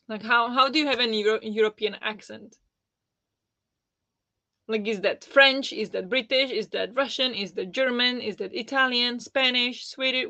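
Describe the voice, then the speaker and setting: A woman's voice: a little high, gravelly, pushed and bright, no echo. A woman hosting a live book club discussion, casual, blunt and sarcastic, laughing often. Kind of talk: casual live-stream chat.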